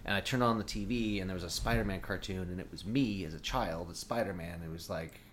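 A middle-aged guest tells a long personal story in casual, rambling talk, packed with "like" and restarts. His deep voice is a bit bright and moves at a quick pace, with faint background noise.

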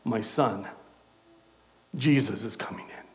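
A man preaching a sermon in a conversational, animated way, with self-deprecating asides. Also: lowish voice, slow pace.

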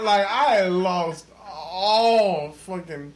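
A man hosting a casual podcast, loudly telling a drunk, profane story full of laughter. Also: high-pitched, expressive, normal speed, a crowd in the background. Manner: loud, profane, laughing, acts out quotes. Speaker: podcast host.

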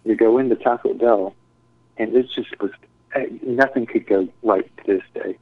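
Man, low voice, rambling swear-heavy anecdote over a thin phone-like line. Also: moderate pace. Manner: profane, rambling, acts out quotes. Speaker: storyteller. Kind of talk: casual storytelling. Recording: tinny phone-like dry sound.

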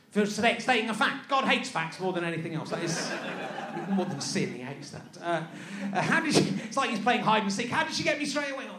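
A man's voice: high voice, background noise. A man doing live stand-up, sarcastic and incredulous as he mocks an email, often repeating his words. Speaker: stand-up comedian. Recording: echoey live venue with audience.

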